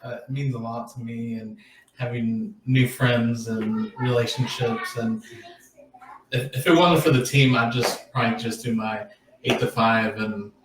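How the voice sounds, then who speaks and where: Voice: medium pitch, steady tone, measured pace, reverberant, recorded from a distance, noisy background. A podcast guest in casual chat, earnest and repeating words.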